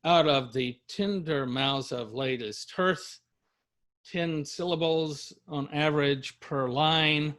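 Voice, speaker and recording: Middle-aged guy from louisiana teaching a lit class, a bit high-voiced, reads verse then talks it through with lots of ums. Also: slow pace, a bit bright. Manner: reads verse aloud then explains it with fillers. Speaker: university literature lecturer. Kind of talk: classroom lecture with readings.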